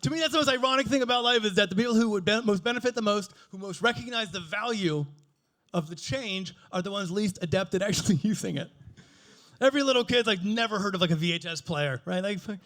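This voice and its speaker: A man's voice: sits high, fast, a bit bright. A man in his forties doing a stand-up comedy set, crude, playful and self-mocking as he riffs with the audience. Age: 40s.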